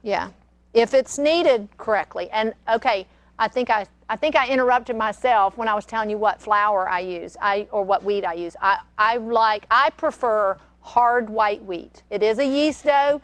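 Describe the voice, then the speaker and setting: A woman's voice: on the high side, normal speed, dry recording. An older woman, hosting a casual cooking demonstration and chatting in a rambling, storytelling way. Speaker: cooking show host. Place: kitchen studio.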